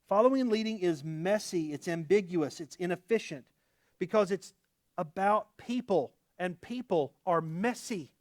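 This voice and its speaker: A male pastor delivers a sermon in a high, lively voice that swings between emphatic outbursts and quieter asides. He talks casually and with humor. The sound is close and dry. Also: no echo.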